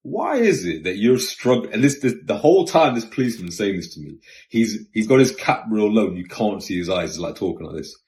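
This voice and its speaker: A man telling a story in a casual, slangy, animated way, vlog style. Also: on the low side, fast talker. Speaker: vlogger. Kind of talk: storytime monologue. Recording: roomy echo with faint music.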